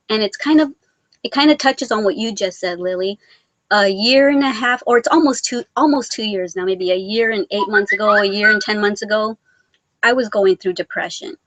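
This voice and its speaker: A woman from Mexico chats through a live vlog, reading viewer comments aloud and answering each at length. She rambles, turns sentimental and pokes fun at herself, in a middle-pitched voice recorded close and dry with no room sound. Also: fairly bright tone, dry recording, low-quality recording. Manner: rambling, sentimental, self-deprecating. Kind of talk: casual live-stream chat.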